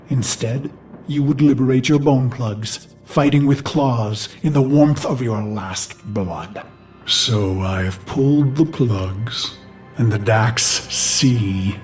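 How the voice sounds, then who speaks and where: An actor playing a brooding, vengeful human warlord who recalls his past in a grave, haunted inner monologue for a game cutscene. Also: on the low side. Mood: defiant. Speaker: narrator of a memory.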